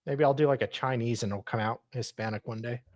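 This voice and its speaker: A man's voice: medium pitch, fairly even intonation, quick pace, darkish tone, no echo. An Australian man co-hosting a podcast, casually chatting and reading legal documents aloud in a jokey, mock-formal way. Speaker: podcast co-host.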